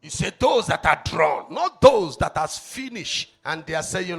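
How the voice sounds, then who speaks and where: A man with a Nigerian accent preaching a sermon as an evangelist, swinging between shouted lines and low asides and asking the congregation rhetorical questions. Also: animated, a little slow, vocal fry, slightly rough, faint music behind.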